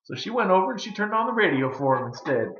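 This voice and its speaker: A man telling a folk tale, drawling and dramatic, with hushed pauses. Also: sits high, sing-song. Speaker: storyteller. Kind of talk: folksy storytelling. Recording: roomy, slightly dull recording.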